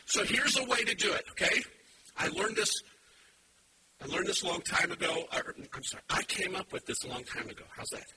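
A male pastor preaches in a high voice that leaps up and down with lively emphasis, throwing in playful wordplay for his congregation. A noticeable hiss of background noise runs under the recording. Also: fairly quick, distant mic. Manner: animated and emphatic, with playful puns. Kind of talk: sermon. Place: church with a live congregation.

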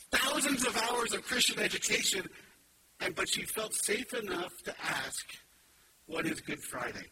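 A man in his fifties preaching a sermon, telling family stories quickly with sarcastic humor. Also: sits high. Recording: distant mic with loud background noise.

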